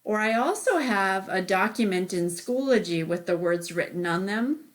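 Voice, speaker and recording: A woman's voice: medium pitch, expressive, normal speed. A woman teacher giving a remote phonics lesson, patient and step by step, often saying okay.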